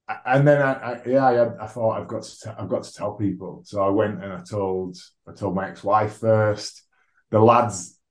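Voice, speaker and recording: Frank man, roomy sound. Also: on the low side. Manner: frank, swears freely, self-deprecating humour. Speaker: guest, rugby league player. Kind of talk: candid conversational storytelling. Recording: roomy echo.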